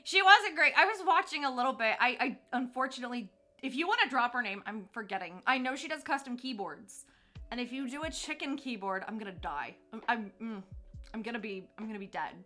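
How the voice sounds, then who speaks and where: A woman's voice: on the high side, animated, a little fast, pushed and bright, soft background music. A young woman chatting to her viewers on a live stream, bubbly and gushing, laughing often.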